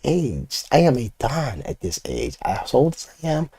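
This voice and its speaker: A man's voice: mid-range voice, huge pitch swings, measured pace, dark tone, husky, no echo. An older man of Puerto Rican roots, a comic artist ranting casually and profanely to his chat while he inks. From Puerto Rico. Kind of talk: casual rant while inking art.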